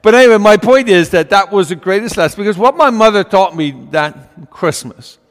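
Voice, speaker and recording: A man's voice: high voice, lively intonation, fairly quick, big-room sound. An older man preaching a storytelling homily in a folksy way, with fillers and asides.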